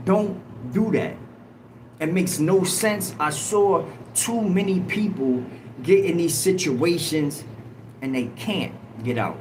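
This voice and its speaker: A man telling a prison story on a livestream, emphatic and animated, with a lot of swearing. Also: high voice, takes it slowly. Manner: animated, emphatic street talk with profanity. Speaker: host. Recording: noisy background ambience.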